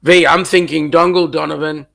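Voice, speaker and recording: A man's voice: steady tone, normal speed, fairly bright tone. A man with an Australian accent co-hosting a casual live-stream chat, congested from a cold, joking and reading out viewer comments. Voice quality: husky, low "sexy" voice from a cold. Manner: joking, teasing, reads viewer chat aloud. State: congested, blocked nose.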